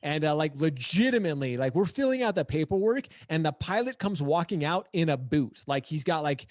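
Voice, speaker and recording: Animated man telling a story. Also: on the high side, brisk, dry recording. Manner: animated, acts out quotes; says "like" and "dude" a lot. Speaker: podcast guest. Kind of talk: casual storytelling chat. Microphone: headphones on, live podcast.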